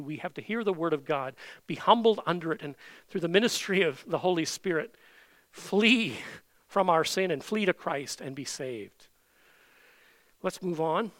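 A man's voice: a little high, a bit bright, no room sound. A man preaching a sermon, emphatic, with many rhetorical questions to the congregation. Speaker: pastor.

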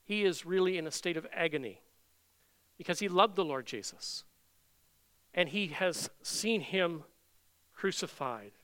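A man preaching an expository sermon, reading scripture aloud earnestly and slowing down to stress the quoted words. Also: sits high, expressive, fairly bright tone.

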